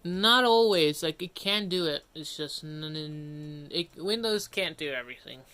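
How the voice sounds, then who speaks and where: A man's voice: on the high side, a little slow, pushed and bright, clean tone. A man streaming live and chatting casually as he works, rambling, breaking off mid-sentence and grumbling to himself. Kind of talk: casual livestream commentary.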